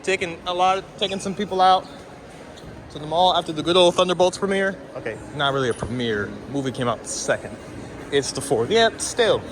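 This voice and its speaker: This vlogger has a slightly high voice and talks fairly quickly over a noisy background. Walking around an outdoor farm or petting zoo with a handheld camera, he chats casually and teases the animals.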